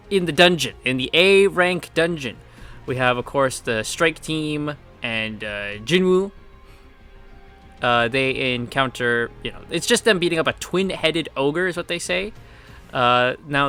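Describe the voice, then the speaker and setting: A young man casually recapping comic chapters as a reviewer, animated and full of fillers, swinging his pitch as he acts out what characters say. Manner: animated retelling with frequent fillers, acting out quotes in different pitches. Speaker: manhwa reviewer.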